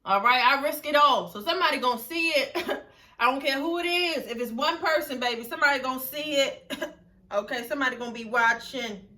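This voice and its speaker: Woman vlogger, casual eating chat, bright slightly high voice. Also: a little fast. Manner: chatty, drawling, laughs often. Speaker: mukbang vlogger. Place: outdoors, windy.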